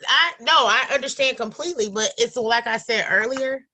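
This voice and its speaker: A woman's voice: fairly high pitch, moderate pace, sharp tone. A young adult woman, a single mother who runs a support group, talking earnestly and emotionally in a casual conversation, close to tears at times.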